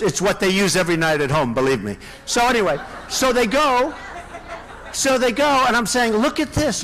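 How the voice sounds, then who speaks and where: A man's voice: high-pitched, a bit bright, poor audio. Rambling older man giving a rally speech. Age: 60s. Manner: rambling, repetitive, boastful asides. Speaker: presidential candidate. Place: large indoor rally venue.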